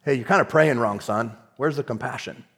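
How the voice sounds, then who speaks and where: A man voicing God as a calm, fatherly divine voice that gently corrects him. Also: mid-range voice, a little fast, slightly rough. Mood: gentle rebuke.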